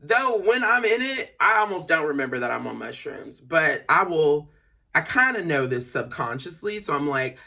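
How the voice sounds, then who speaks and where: A vlogger rambling in a casual monologue, drifting between low mumbles and loud laughing outbursts. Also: sing-song, moderate pace, creaky.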